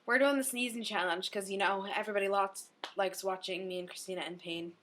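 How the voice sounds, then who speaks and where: Bright, giggly young woman vlogging. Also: mid-range voice, fairly even intonation, fast talker, slight background noise. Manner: giggly, talks to the camera. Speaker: vlog host. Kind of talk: casual chat.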